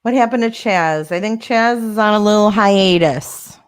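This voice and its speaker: A woman's voice: medium pitch, normal speed, clean tone, no room sound, clean studio sound. A woman hosting a casual livestream, answering viewer comments in a sarcastic, defensive way. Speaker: livestream host.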